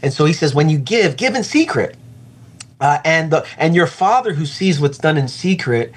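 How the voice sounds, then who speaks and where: Earnest reflective male pastor. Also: a little high. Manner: earnest, reflective, slows for emphasis. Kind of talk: reflective conversational interview.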